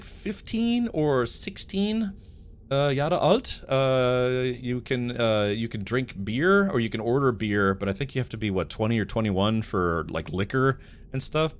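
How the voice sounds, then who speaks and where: There's slight background noise as a man with a voice on the low side streams a game. He talks casually with his chat, telling meandering stories and laughing a lot.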